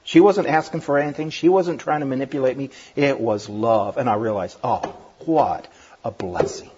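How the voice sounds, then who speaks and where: A middle-aged man preaching a sermon, lively and given to laughing asides and acting out voices. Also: mid-range voice, fairly quick, noisy background. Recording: dull lo-fi recording.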